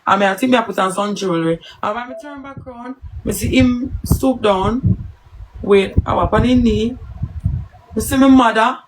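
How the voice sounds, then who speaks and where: A woman's voice: on the high side, moderate pace, slight background noise, rough recording. A woman with a Jamaican accent chatting casually on a live stream, answering viewers and telling stories in patois.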